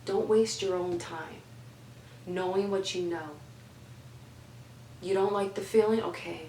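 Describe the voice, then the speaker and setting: A woman's voice: on the low side, fairly even intonation, unhurried, dark tone, reverberant, recorded from a distance, a little hiss or hum, rough recording. A young woman giving heartfelt life advice in an emphatic way, repeating phrases for stress. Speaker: advice vlogger.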